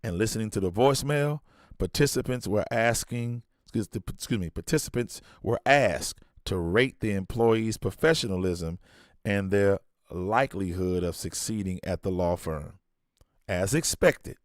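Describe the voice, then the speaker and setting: A man's voice: on the low side, dry recording, clean studio sound. A man hosting a podcast, reading a study aloud and breaking off for blunt, colloquial asides, often restarting his sentences. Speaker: podcast host.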